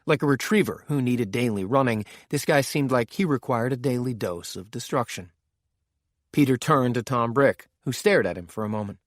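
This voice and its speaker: A man reading a thriller audiobook in a steady, measured narration. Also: medium pitch, no room sound, studio quality.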